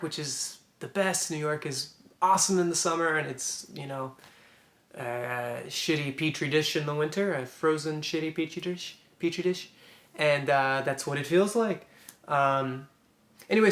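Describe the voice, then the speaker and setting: A man's voice: fairly high pitch, a bit bright. A young man telling a personal story to camera, rambling and reflective with frequent restarts. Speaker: vlogger. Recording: echoey room.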